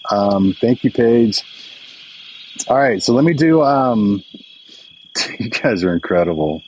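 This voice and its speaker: Speaking slowly and expressively in a darkish mid-range voice, an older livestream host greets viewers by name, chatty and emotional. The poor phone or webcam audio carries slight hiss or hum, plus insects and crickets from outside his home.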